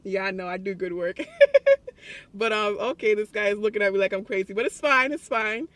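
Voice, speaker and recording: Chatty high-voiced young man vlogging. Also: a little fast, no room sound. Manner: excited, chatty, laughs often. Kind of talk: casual vlog storytelling. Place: public place.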